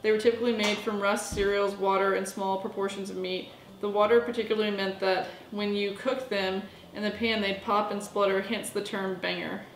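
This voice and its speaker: A woman's voice: medium pitch, level tone, fairly quick, echoey room, a little hiss or hum, rough recording. A woman from the United States, chatty and goofy, talking to herself while she cooks in her home kitchen for a vlog. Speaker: vlogger. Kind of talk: casual cooking vlog.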